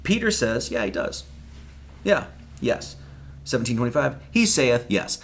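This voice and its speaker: A man's voice: mid-range voice, big pitch swings, measured pace. A man preaching a casual, conversational Bible-study sermon, acting out the quoted lines and swearing now and then.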